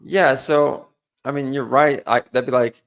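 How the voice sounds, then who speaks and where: A man's voice: medium pitch, fairly even intonation, unhurried. A man hosting and arguing in a live-stream debate, trailing off and restarting sentences as he goes. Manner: rambling, restarts his sentences constantly.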